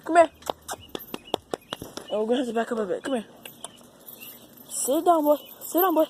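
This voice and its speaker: A woman's voice: high-pitched, lively intonation, normal speed, background noise. A young woman filming her dog outdoors and coaxing it with repeated commands. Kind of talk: casual chat with dog.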